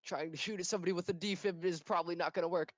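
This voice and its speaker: Higher-voiced rambling gamer man. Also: fairly even intonation, racing, a little hiss or hum. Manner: rambling, hesitant explanations. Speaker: player. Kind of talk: casual gaming chat.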